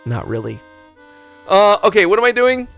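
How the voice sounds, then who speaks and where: A man live-streaming a game, ranting loudly with heavy swearing, then dropping into muttering. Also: high voice, moderate pace, vocal fry, faint music behind. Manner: loud profane ranting; animated, swings from loud to muttering. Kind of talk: casual live-stream chat.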